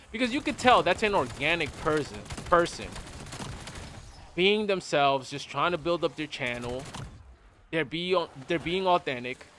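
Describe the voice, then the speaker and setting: Over slight background noise, a gaming streamer with a fairly high-pitched voice chats casually while he plays. His takes are blunt and animated, and he keeps circling back to the same phrases.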